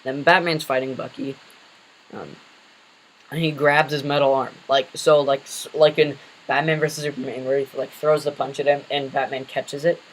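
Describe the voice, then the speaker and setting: A man's voice: medium pitch, little pitch movement, normal speed, a little hiss or hum, poor audio. A man casually retelling an invented superhero story, rambling with many fillers and self-corrections.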